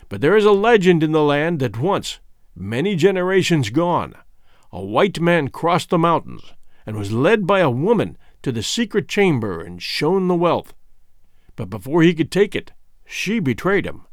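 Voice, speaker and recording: Male reader as grave old-fashioned king, lively pitch, dry close sound. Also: no echo. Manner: archaic, stately storytelling speech. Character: solemn African king, grave adult man. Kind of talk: audiobook reading.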